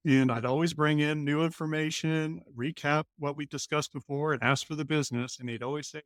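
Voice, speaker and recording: A man from Colorado, a company CEO, telling a lively story as a guest in an interview and acting out the voices of the people in it. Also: fairly high pitch, normal speed, no room sound. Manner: animated, acts out quoted lines in other voices.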